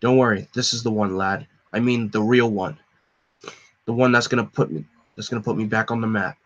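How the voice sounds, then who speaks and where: A man's voice: fairly low pitch, a little fast, highs cut off, natural voice. A washed-up villain, as a man reading a comic puts him on, rambling and boasting in a subdued voice. He stumbles over his words. It sounds like a storybook read-along. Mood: boastful.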